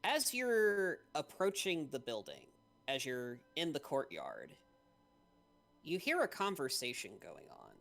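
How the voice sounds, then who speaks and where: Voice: medium pitch, huge pitch swings, takes it slowly, gravelly, a bit bright, faint music behind. A game master narrating a tabletop game in a descriptive way with hesitant fillers.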